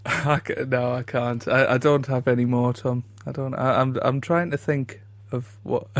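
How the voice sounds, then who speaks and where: A man co-hosting a comedy podcast in a casual chat, self-deprecating and quick to laugh, with frequent stammering restarts. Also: medium pitch, fairly even intonation, no echo. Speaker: podcast co-host.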